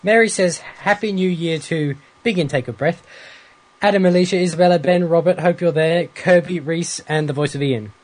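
A man's voice: fairly high pitch, moderate pace. A man co-hosting a podcast, reading listener emails aloud with amused asides. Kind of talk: casual chat.

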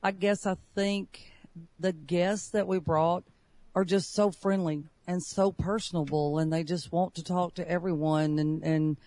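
A woman's voice: lowish voice, steady tone, unhurried, warm tone, no room sound. A woman from Alabama with a Southern accent, an event organizer chatting easily in an interview. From Alabama, USA. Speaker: convention organizer. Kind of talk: interview on a podcast.

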